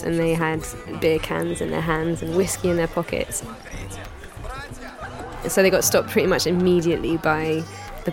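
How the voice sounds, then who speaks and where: A woman in her thirties telling a personal anecdote in a candid, chatty way. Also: lowish voice. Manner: candid, chatty retelling with frequent hedges. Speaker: storyteller.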